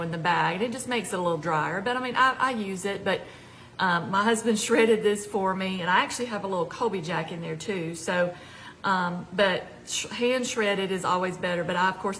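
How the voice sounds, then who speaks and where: A woman's voice: mid-range voice, a bit bright, slight background noise, poor audio. An older woman with a Southern American accent hosting a casual home cooking demonstration, chatty and folksy with plenty of asides. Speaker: cooking show host, retired home ec teacher. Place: home kitchen. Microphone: camera nearby.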